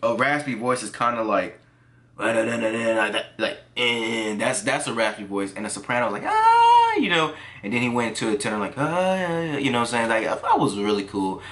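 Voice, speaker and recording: A man giving casual reaction commentary on songs, easily excited and breaking into exclamations. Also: fairly low pitch, quick pace, few pauses. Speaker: music reaction reviewer.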